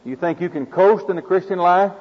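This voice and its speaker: A man's voice: high-pitched, brisk. A man with an Oklahoma accent preaching a sermon in a folksy, homespun way, drawing on farm stories. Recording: dull lo-fi recording in a reverberant hall.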